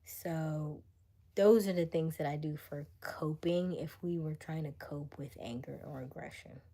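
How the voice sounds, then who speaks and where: A woman's voice: low voice, steady tone, a little slow, warm tone. A young woman hosting a casual live stream, chatting with viewers, laughing often and slipping into whispery asides. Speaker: livestream host.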